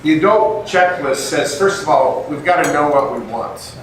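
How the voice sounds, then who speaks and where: An older man giving a storytelling talk to a group, animated and acting out the dialogue in his anecdotes. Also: a little high, moderate pace. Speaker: guest speaker. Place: meeting room with an audience. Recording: echoey room, distant mic, faint noise.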